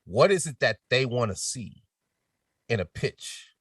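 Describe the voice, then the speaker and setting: A middle-aged man speaking as a podcast guest in casual chat, telling lively stories and switching into quoted voices, sometimes dropping to a near whisper. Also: mid-range voice, measured pace, slightly rough, dry recording, studio quality, recorded from a distance. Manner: animated storytelling with quoted voices, drops to a near whisper to demonstrate.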